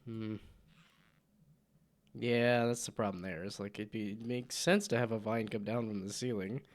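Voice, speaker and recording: A man's voice: lowish voice, steady tone, normal speed. A man with a sick voice, casually thinking aloud and muttering to himself while coding on a live stream. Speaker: game developer streaming live.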